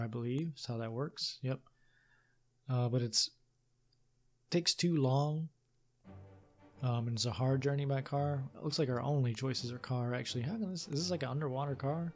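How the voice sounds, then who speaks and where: A man from Louisiana hosting a let's play, reading the game's story text aloud and thinking out loud in a laid-back way. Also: mid-range voice. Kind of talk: reading game text aloud with casual commentary.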